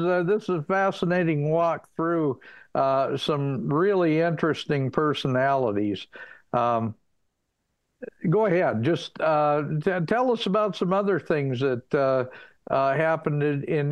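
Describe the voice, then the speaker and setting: A man hosting an interview, prompting his guest slowly and with hesitant fillers. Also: on the high side, animated, no echo, dull audio. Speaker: interview host. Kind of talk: casual interview.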